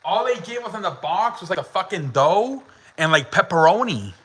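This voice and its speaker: Young male host, bright forceful voice, slightly high pitch, laughing casual storyteller who swears and fills with "like". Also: big pitch swings, moderate pace, breathy edge, poor audio. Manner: laughing often, swearing, many "like" fillers. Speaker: podcast host.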